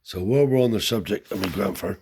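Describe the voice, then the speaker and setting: A man's voice: fairly low pitch, fast talker, a little mellow, slight background noise. A man telling a family story in a rambling, casual way, slipping in Romani cant words and tag questions. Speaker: storyteller and channel host.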